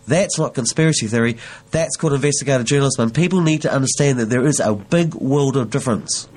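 A man's voice: medium pitch, quick pace, a little mellow. A man, an investigative journalist, explaining his views earnestly in a conversation. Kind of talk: conversational interview.

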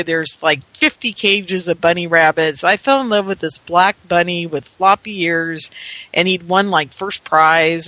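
Man, 50s, rambling earnest storyteller, high bright voice, dry close sound. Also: dry recording. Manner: rambling, earnest, repeats himself with many fillers. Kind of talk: casual spoken storytelling.

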